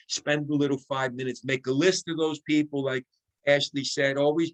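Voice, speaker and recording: A man giving an excitable, coaching sales training talk over a video call, acting out sample phone calls as he goes. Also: a little high, moderate pace, poor audio. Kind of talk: motivational team training talk.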